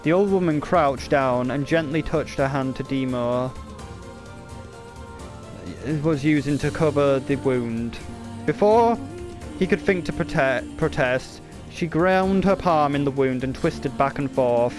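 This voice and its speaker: A man's voice: medium pitch, takes it slowly, music in the background. A man casually reading a novel aloud, often stumbling and restarting words, with the odd joking aside. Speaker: reader.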